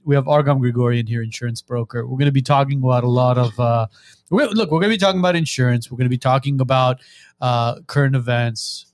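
A man's voice: medium pitch, fast talker, dry recording, clean studio sound. A man hosting a casual podcast chat, rambling and retelling stories with lots of "he goes.". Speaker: podcast host.

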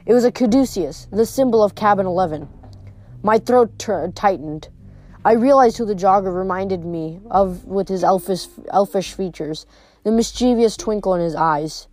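A woman reading a first-person novel aloud in steady storybook narration. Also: medium pitch, normal speed. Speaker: audiobook reader.

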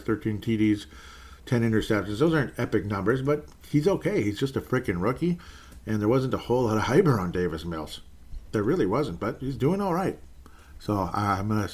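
A man giving a casual solo recap of football games, wry and self-correcting. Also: lowish voice. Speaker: sports commentator. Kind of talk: solo NFL recap commentary.

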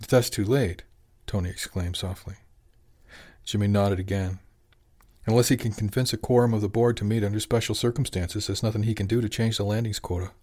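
Low-voiced male audiobook narrator. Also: a little fast. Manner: even storytelling, lifts into dialogue. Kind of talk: scripted narration.

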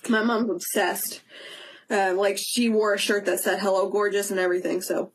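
Husky-voiced gushing young woman. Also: medium pitch, little pitch movement, normal speed. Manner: gushing, chatty, laughs often. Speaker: podcast co-host. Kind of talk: casual chat.

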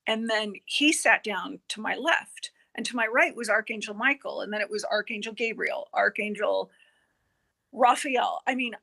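A woman guest on a podcast telling a personal experience, earnest and halting, with many fillers and quoted dialogue. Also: mid-range voice, vocal fry, husky. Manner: earnest, halting, with frequent fillers and self-corrections; quotes herself and others in lively dialogue.

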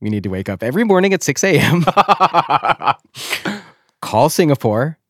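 A man's voice: a little high, big pitch swings, measured pace, a bit bright, no room sound, clean studio sound. A man hosting a podcast, telling a story in a wry, self-deprecating way. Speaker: podcast host. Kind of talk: casual storytelling.

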